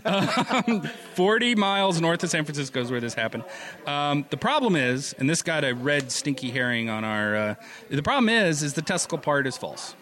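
A man co-hosting a podcast in casual chat, animated and laughing often as he reads out stories. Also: fairly high pitch, normal speed. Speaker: podcast co-host.

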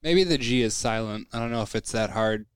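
A man co-hosting a casual podcast, talking bluntly with lots of swearing and animated rants. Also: lowish voice, brisk, a little hiss or hum. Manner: blunt, profane, animated ranting. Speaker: podcast co-host. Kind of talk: casual chat.

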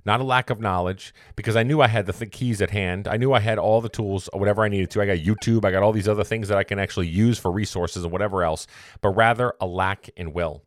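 Low-voiced man telling a rambling story. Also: fairly even intonation, quick pace, dry recording, studio quality. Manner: rambling, self-correcting, motivational. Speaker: podcast host. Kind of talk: casual storytelling monologue.

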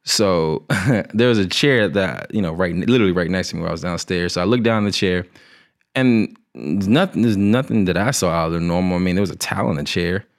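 A man casually telling a funny personal story, profane and animated with laughing asides. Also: deep voice, a little fast.

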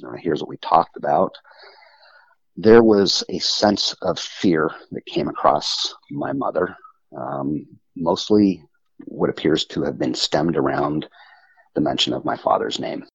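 Deep, raspy male guest, halting storyteller, dry close muffled recording. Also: animated, no echo. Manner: halting, with frequent restarts and pauses. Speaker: interview guest telling his story. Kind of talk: personal storytelling. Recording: muffled lo-fi audio.

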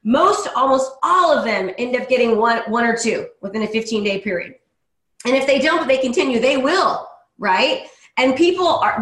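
A woman coaching real estate agents in an energetic way, often checking in with her listeners. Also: a little high, roomy sound, rough recording. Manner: energetic, keeps checking in with "right?" and "okay?".

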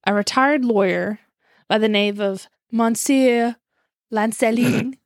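A woman's voice: mid-range voice, unhurried, no room sound, clean studio sound. A woman with a West Virginian accent, chatting as a podcast co-host and telling a true-crime story, laughing often as she talks.

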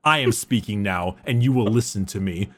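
A man voicing a stern, commanding male warlord as he reads a book excerpt aloud, in a low and deliberate voice. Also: breathy edge.

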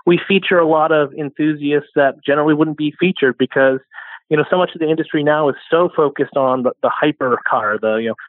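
A man's voice: fairly high pitch, fast, no room sound. A man talking casually as an interview guest, rambling a little and correcting himself as he goes. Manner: rambling, self-correcting, chuckles often. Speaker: podcast guest, automotive storyteller. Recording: tinny phone-line audio, dry.

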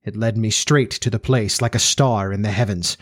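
A man voicing a solemn elderly male professor who speaks quietly and gravely, with an even, metallic ring. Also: lowish voice, dry recording, clean studio sound, close to an everyday voice. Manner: quiet, grave, slow and final.

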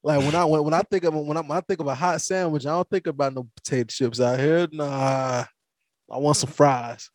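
Speaking a little high and a little fast, a man from the American South hosts a podcast full of lively storytelling. He laughs and stumbles into frequent restarts in this casual chat, captured in clean studio sound with no room sound.

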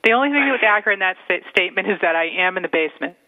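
A woman co-hosts a radio show and keeps teasing the host with dry, quick comebacks. Her voice sits at a middle pitch. It comes through a narrow, tinny phone-like band. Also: lively intonation. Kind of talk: casual radio banter.

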